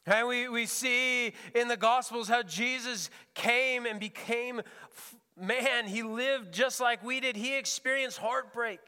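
A man's voice: very high voice, slow pace, pushed and bright, smooth, big-room sound. A man preaching as a pastor, earnest and often repeating words as he searches for the phrasing. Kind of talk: sermon. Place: church sanctuary.

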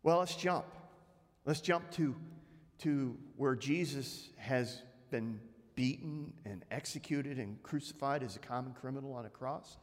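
A man's voice: medium pitch, measured pace. Man preaching in a reverberant church. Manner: retells scripture conversationally with frequent restarts. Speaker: pastor. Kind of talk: sermon. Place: church sanctuary. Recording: long church hall reverb.

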